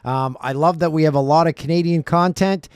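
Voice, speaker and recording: A man's voice: fairly high pitch, fairly quick, clean tone, no echo, studio quality. A man hosting a casual hockey talk show, trading playful jokes and banter with his co-host. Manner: playful, joking, banter-driven. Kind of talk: casual sports podcast talk.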